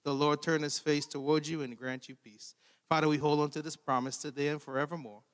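A man leading a dedication prayer for families in church, in a steady, earnest cadence. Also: on the high side, a little fast. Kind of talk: spoken prayer. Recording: reverberant church hall.

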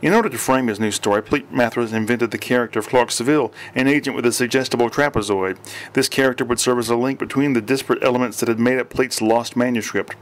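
A man narrating an audiobook with steady reading and occasional slips and restarts. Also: mid-range voice, quick pace.

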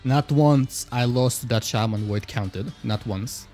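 Excitable, casually swearing male game streamer. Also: mid-range voice, a little slow, faint music behind. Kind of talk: casual live-stream gameplay commentary.

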